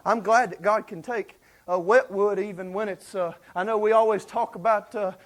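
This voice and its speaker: A man preaching with a high, light voice. He tells the story in a folksy, excitable way, full of fillers, and acts out the speakers' lines. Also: normal speed. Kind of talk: sermon.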